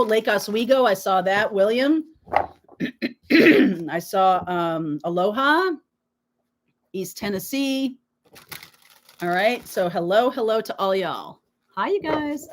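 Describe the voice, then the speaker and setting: Woman, tarot reader, live stream host, sore throat, clears throat often, reassuring, emphatic. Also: mid-range voice. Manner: reassuring, emphatic, peppered with "okay?". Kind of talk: live tarot reading, chatting with viewers.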